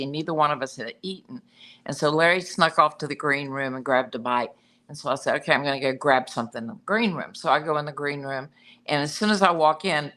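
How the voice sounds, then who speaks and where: A woman chats as a guest on a talk radio show and tells a lively story. Her voice is slightly low but bright and forceful. She acts out the lines of the people in her story. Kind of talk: casual chat, anecdotes.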